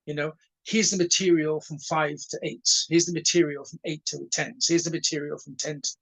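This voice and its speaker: A husky man from Wales, in his sixties, speaks at normal speed in a voice on the high side over a rough recording. As a karate instructor guesting in a casual interview, he tells stories with animation, voicing dialogue and stuttering on repeated words.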